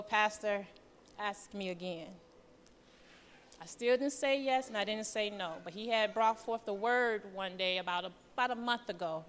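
A woman giving a testimony sermon in church, telling her story in a nervous, chatty way and acting out the voices of the people in it. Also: fairly high pitch. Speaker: church member preaching. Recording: reverberant church hall.

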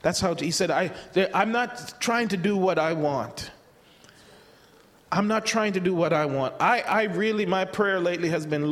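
A man's voice: sits high, moderate pace, fairly bright tone. A man preaching a sermon in a conversational way, often repeating words and restarting as he acts out the voices he quotes. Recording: long hall reverb.

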